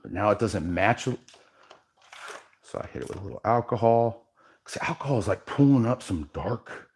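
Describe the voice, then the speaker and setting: A man hosting a live workshop demo as an epoxy artist, talking casually and addressing viewers directly, sometimes dropping quiet while he works. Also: lowish voice, expressive, moderate pace.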